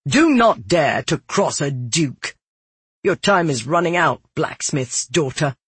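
A man's voice: fairly high pitch, big pitch swings, slow pace, a bit bright, husky, dry recording, exaggerated voice. A narrator voicing an arrogant young nobleman who sneers and threatens in a cold, menacing way. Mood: contemptuous.

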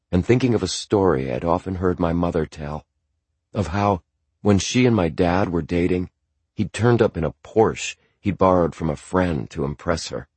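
A man narrates a novel in a measured, reflective first-person voice. His tone is deep and husky. The recording is close and completely dry. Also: darkish tone, no echo. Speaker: audiobook narrator.

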